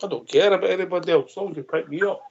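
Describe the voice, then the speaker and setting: A man hosts a phone-in with a joking, teasing manner. His voice is notably high for a man. The sound is dull and lo-fi, with a faint hiss behind it. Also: rapid-fire. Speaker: host. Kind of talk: casual phone-in chat.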